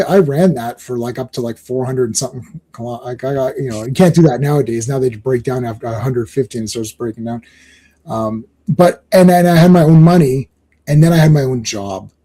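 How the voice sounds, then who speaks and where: A man's voice: mid-range voice, dark tone. A middle-aged man from Canada hosting a live stream, chatting casually and rambling with many restarts. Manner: rambling, self-interrupting, chuckling. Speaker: stream host.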